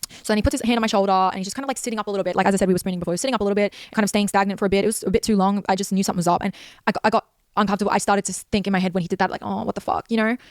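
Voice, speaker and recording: Rapid intense woman. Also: medium pitch, fairly even intonation, no room sound. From Australia. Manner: rapid, intense, heavy swearing. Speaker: creator telling her story in a clip. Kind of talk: emotional personal account.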